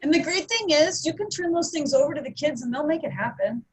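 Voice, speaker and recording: A woman hosting a casual community panel discussion, talking with enthusiasm and animated emphasis. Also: high-pitched, a little fast, low-quality recording. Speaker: host of a community webinar.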